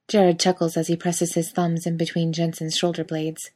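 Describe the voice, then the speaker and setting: A woman narrating a fiction audiobook in an even, steady storytelling manner. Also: deep voice, a little fast, hardly any pauses.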